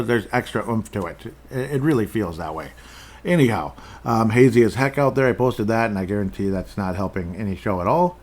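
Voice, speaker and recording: A man with a somewhat low voice talks through news items on his own show. He rambles, trips over his words and restarts, and drops dry, sarcastic remarks between points. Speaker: podcast host. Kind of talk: casual solo commentary on headlines and chat comments.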